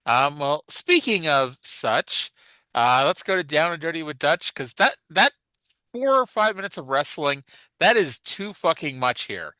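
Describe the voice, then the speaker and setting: A man's voice: on the high side, animated, measured pace, bright, forceful tone, no room sound, poor audio. A man hosting a wrestling re-watch podcast in casual chat, joking and swearing freely. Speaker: podcast host.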